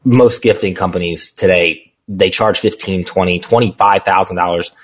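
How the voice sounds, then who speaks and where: A man's voice: deep voice, moderate pace. A man guesting on an interview show, talking about his small business in a candid, storytelling way and laughing easily. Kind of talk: casual interview conversation.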